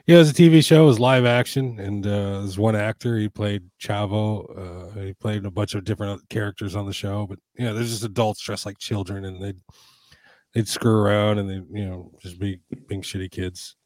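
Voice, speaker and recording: A man's voice: fairly low pitch, steady tone, normal speed, darkish tone, no echo. A man from Panama co-hosting a podcast in casual chat, rambling, restarting his sentences and swearing casually. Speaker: podcast co-host.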